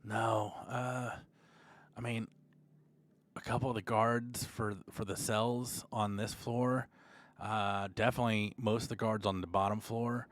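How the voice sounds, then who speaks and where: A man's voice: fairly low pitch, little pitch movement, measured pace. A man narrating a tabletop game as game master, in loose, rambling speech full of fillers.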